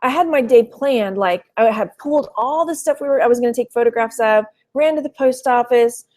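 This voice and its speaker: A middle-aged woman from Texas speaks in a slightly high voice, chatting casually to viewers of a live stream. She rambles, fills pauses with "you know" and "um," and stops to greet people in the chat. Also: darkish tone. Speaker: thrift reseller vlogger.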